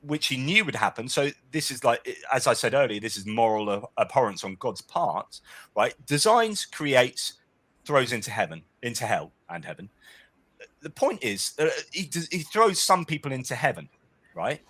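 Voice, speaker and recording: A man's voice: medium pitch, big pitch swings, normal speed, a bit bright. A man speaking as a guest in a casual discussion, arguing animatedly and often checking in with "right?". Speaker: guest author.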